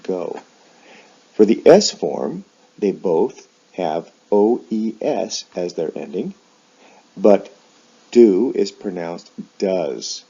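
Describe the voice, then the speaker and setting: An English teacher with a deep, slow, mellow, slightly rough voice gives an explanatory lesson on pronunciation. He enunciates example words slowly and carefully. The recording has a dull, lo-fi sound.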